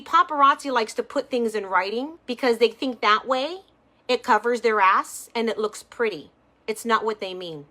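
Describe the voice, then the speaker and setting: High-pitched slow-talking angry woman. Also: sharp tone. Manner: angry, cursing, repeats phrases for emphasis. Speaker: commentary YouTuber. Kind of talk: ranting commentary to camera.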